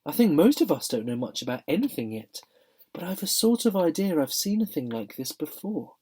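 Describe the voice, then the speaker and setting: A man voicing an old cab horse who speaks slowly and thoughtfully, as if half remembering. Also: a little high, mellow, voice pushed up. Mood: dreamy. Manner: slow and thoughtful, halting.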